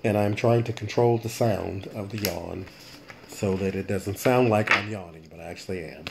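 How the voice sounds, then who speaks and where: A man's voice: on the low side, normal speed, creaky, heavy background noise. A man hosting a casual late-night tarot reading vlog, rambling and chatty as he thinks aloud, with stifled yawns. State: yawning, late-night tired. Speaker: tarot reader, channel host.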